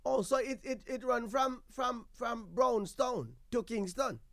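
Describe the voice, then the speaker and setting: Recorded with studio quality and no room sound, a very high male voice keeps a measured pace. He's a Jamaican-accented host of a call-in show, joking in patois, laughing frequently and saying things twice in relaxed radio chat.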